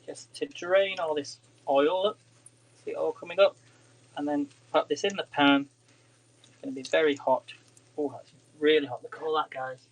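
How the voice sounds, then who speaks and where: A man's voice: fairly high pitch, low-quality recording. A man cooking in a home kitchen and chatting casually to viewers of his live stream as he works. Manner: chatty, talks to viewers as he cooks.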